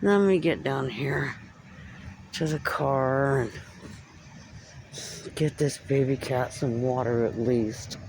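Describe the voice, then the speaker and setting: Woman from central california, unhurried speech, faint outdoor hiss, casual walking vlog, musing to herself. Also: rumbling low, darkish tone. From Central California, United States. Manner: musing, describes things aloud to herself. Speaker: vlogger. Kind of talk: casual walking vlog, narrating what she sees. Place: outdoors at a train station after dark.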